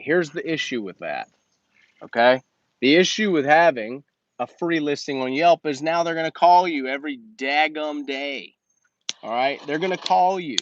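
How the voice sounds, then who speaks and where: A man's voice: medium pitch, no echo. Slangy, emphatic man with dull, dry sound. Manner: slangy and emphatic, repeats points. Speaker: business coach host. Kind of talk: casual livestream Q&A.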